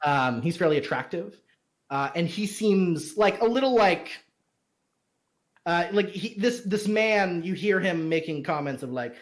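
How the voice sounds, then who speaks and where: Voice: medium pitch, unhurried. A game master describes a tavern scene for the players. The talk is loose and rambling, full of fillers and restarts. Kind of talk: narrating a tabletop game.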